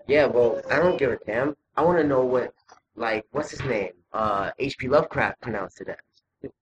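A man's voice: medium pitch, moderate pace, muffled recording, noisy background. A man in casual chat, blunt and swearing freely.

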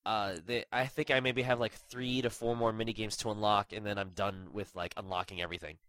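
A man's voice: lowish voice, little pitch movement, a little fast, a bit bright, no room sound, poor audio. A young man with a stuffy nose hosting a casual gaming podcast, rambling with lots of fillers and self-deprecating asides. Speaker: podcast host.

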